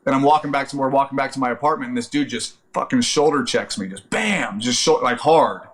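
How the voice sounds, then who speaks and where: A man in his thirties telling a long, animated, profane story as a guest on a casual podcast chat. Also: medium pitch, brisk. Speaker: podcast guest, actor and Army veteran.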